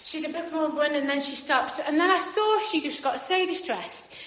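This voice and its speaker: A woman with a bright, high voice tells a funny story to a live audience. She is animated, laughs often, and acts out the voices of everyone in it. Her voice rings in an echoey room. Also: normal speed. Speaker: speaker.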